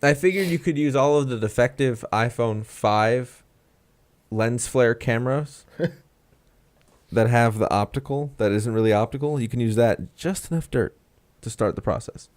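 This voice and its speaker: Speaking a little slowly at a medium pitch, this co-host of a laid-back comedy tech podcast keeps things jokey and playful, drifting into silly voices. He's recorded on a webcam mic.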